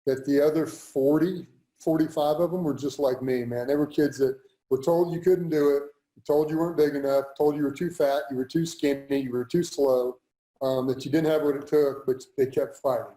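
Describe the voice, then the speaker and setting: A man's voice: on the high side, steady tone, moderate pace, dark tone, echoey room, low-quality recording. A man who played pro football, talking earnestly in an interview and repeating lines for emphasis. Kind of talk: motivational interview talk.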